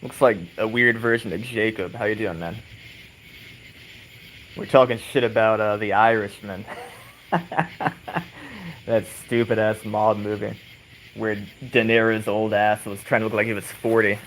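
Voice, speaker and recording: On an outdoor porch swing, a male livestream host rocks back and forth and talks loosely with his viewers, rambling, cursing plenty and chuckling frequently. His lowish voice holds a level tone at a slightly slow pace, broken by frequent pauses. There's a little hiss or hum on the rough recording.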